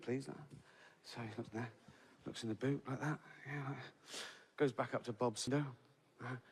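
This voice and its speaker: A man's voice: medium pitch, a bit bright. An English man in his sixties doing a stand-up routine, swearing freely, tagging lines with "right?" and laughing at his own story. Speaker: stand-up comedian. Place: large theatre stage. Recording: reverberant live venue, faint ambience.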